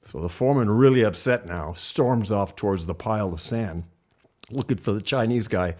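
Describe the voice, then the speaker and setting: A man with a fairly low voice swaps jokes in an easygoing chat. He tells them in a relaxed way and chuckles at his own punchlines. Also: normal speed. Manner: laid-back, chuckling storyteller. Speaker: co-host. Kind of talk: casual joke-telling chat.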